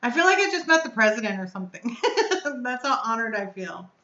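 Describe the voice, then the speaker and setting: A woman's voice: a little high, sing-song, fairly quick, sharp tone, echoey room, muffled recording. A woman hosting a casual live stream, chatting effusively and answering her viewers' comments aloud. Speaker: vape reviewer hosting a live chat.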